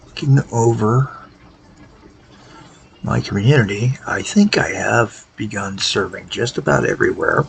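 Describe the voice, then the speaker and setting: Tired male host, low-key and halting as he plays, deep-ish gravelly voice. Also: slight background noise, rough recording. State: tired, worn out. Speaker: game tutorial host. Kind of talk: casual gameplay tutorial commentary.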